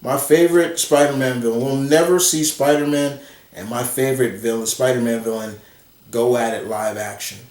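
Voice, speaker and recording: A man's voice: mid-range voice, steady tone, moderate pace, a little mellow. A man ranting bluntly and profanely in an exasperated movie commentary vlog. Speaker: commentary vlogger. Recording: roomy echo, far from the mic.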